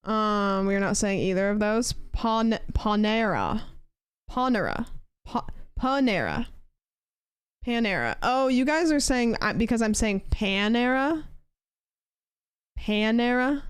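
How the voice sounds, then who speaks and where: A woman's voice: medium pitch, animated, a little slow, clear, resonant tone, dry recording. Chatty young woman streamer, dry close sound. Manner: chatty, rambling, reads and answers chat. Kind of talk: casual chat while gaming.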